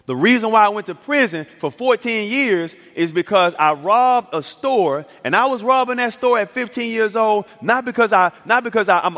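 A pastor with a high-pitched, fairly bright voice delivers a sermon in a church sanctuary, acting out the dialogue of a story and rising to emphatic climaxes. The recording carries the echo of a reverberant church hall.

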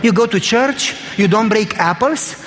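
A man's voice: sits high, measured pace, fairly bright tone, big-room sound. A man preaching a sermon in a church, telling stories in an emphatic, conversational way.

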